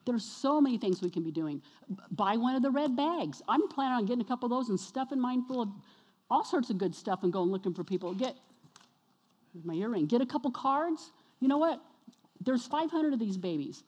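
A woman preaching a sermon to her congregation, energetic and exhorting, often questioning the listeners. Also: on the high side, normal speed. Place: church sanctuary. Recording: long reverb of a church hall.

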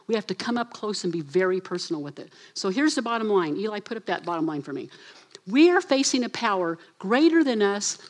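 A woman delivering a casual, energetic sermon to her congregation. She slips into little voices to act out her stories and speaks straight to the crowd. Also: fairly high pitch. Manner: animated, acts out voices, addresses assistant for slides. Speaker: preacher. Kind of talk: lively sermon.

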